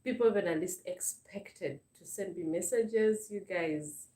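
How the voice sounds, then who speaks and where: Recorded from a distance in a reverberant room, a woman with a Ugandan English accent speaks in a lowish, dark voice at a measured pace, her voice a bit off-mic. Hosting her live stream, she's earnest and thankful, repeating herself and using plenty of fillers.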